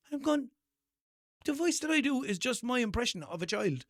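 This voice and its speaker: A man's voice: very high-pitched, sing-song, fairly quick, no echo, clean studio sound. A young Irish man with a Limerick accent, rambling through sweary, self-mocking stories on his solo podcast. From Ireland. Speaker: podcast host. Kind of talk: casual solo podcast monologue.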